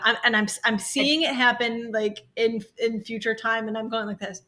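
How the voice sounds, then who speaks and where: A woman co-hosting a podcast in an open, heartfelt conversational style, with a bright, clear edge to her voice. She talks frankly and sometimes swears. "Like" keeps spilling into her sentences. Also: on the high side, steady tone, normal speed, few pauses. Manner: emotional, open, heavy use of "like". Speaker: podcast co-host. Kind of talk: candid conversational podcast talk.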